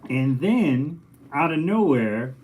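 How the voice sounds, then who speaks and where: A man, a painter, chatting casually to camera in a relaxed, rambling way with lots of filler words. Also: on the high side, slow. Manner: laid-back and rambling, full of filler words. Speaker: painter and muralist. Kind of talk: casual vlog storytelling.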